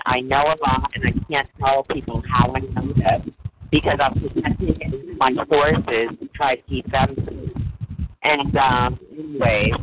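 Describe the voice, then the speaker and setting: A woman calling in to a show, earnest, repeating her points and stumbling on her first words. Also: very deep voice. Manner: earnest, repeats herself, stammers on starts. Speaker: caller. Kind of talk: call-in conversation. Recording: noisy phone line.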